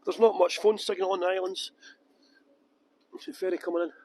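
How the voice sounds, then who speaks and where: A man's voice: high voice, little pitch movement, brisk, a little mellow, a little hiss or hum. A Scottish man giving a casual live-streamed walking tour outdoors by a harbour, chatty and jokey, greeting viewers by name. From Scotland. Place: outdoors at a harbour ferry terminal.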